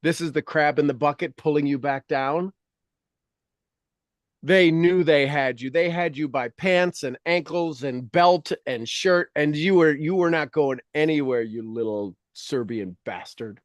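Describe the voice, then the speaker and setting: A man coaching a guest in a motivational talk, with a slightly high voice. He repeats and stresses each point with conviction. The sound is dry, with no room around it. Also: unhurried, dry recording. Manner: emphatic and repetitive, drives points home. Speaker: leadership coach and host.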